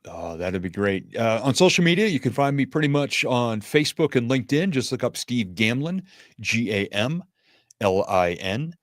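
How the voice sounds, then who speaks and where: A man speaking as a podcast guest and motivational speaker in casual interview chat, with a smooth radio-announcer delivery. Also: mid-range voice, lively intonation, moderate pace, no room sound, studio quality.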